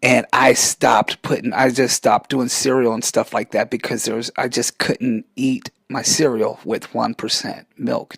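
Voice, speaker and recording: A man's voice: mid-range voice, fairly even intonation, measured pace, creaky, few pauses, slightly rough, no echo, clean studio sound. A man in his forties hosting a podcast, rambling through a casual rant, chatty and loose, often trailing off and restarting. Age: 40s. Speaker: podcast host.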